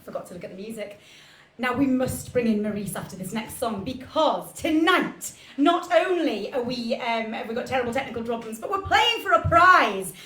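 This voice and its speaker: A woman's voice: a little high, lively intonation, moderate pace, pushed and bright. A woman hosting an online cabaret from home, chatting in a giggly, self-mocking, camp way and laughing at her own jokes. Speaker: cabaret host. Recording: roomy echo with piano music behind.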